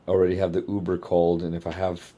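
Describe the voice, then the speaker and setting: A man, a keynote speaker, chatting casually in a travel vlog and thinking out loud in a rambling way. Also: sits low, monotone, fast talker, muffled recording.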